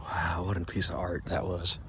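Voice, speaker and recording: A man's voice: low voice, monotone, moderate pace. Man, angry profane rambling rant, stoned, phone camera in his yard, faint background noise. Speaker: vlogger. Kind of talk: rambling outdoor phone vlog.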